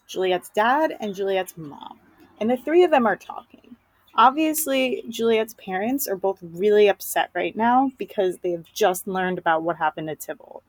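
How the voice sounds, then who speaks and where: A woman's voice: mid-range voice, no room sound, rough recording. Chatty woman teacher, dry sound. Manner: chatty, many "like" and "um" fillers. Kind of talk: casual lesson summary.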